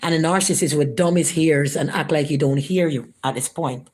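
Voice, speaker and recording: A woman recounts events in a casual vlog, her everyday voice sitting low. She slips into higher, animated voices whenever she quotes someone. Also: normal speed, slightly rough.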